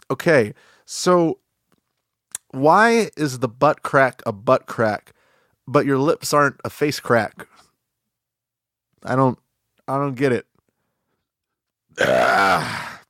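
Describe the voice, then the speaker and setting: A man's voice: medium pitch, lively intonation, slow, pauses often, fairly bright tone, no room sound, clean studio sound. A man hosting a comedy podcast, rambling through an absurd mock-serious monologue and giggling at his own lines.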